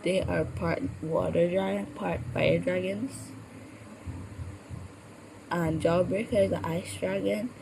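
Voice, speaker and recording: A woman puppeteer chats casually in a fairly low voice with vocal fry, taking it slowly and pausing often. A cold has left her with a sore throat, and she stumbles over her words. Steady background noise runs under the recording.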